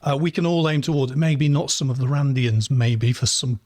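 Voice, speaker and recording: This podcast host's voice sits in the mid-range, a touch mellow, at a moderate pace. He asks meandering, conversational interview questions full of fillers, and the studio-quality audio carries no room sound.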